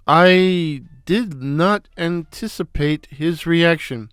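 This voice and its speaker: A man narrating a comic story in a wry, deliberate way. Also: on the high side, expressive, clear, resonant tone, no room sound, studio quality. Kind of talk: storytelling with character voices.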